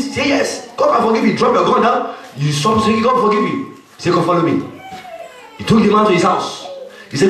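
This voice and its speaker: A man preaches with a high, emphatic voice, dropping "Amen" between his points. He sounds distant from the microphone. The hall around him rings with heavy echo. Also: expressive, moderate pace, a bit bright. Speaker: pastor. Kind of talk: sermon.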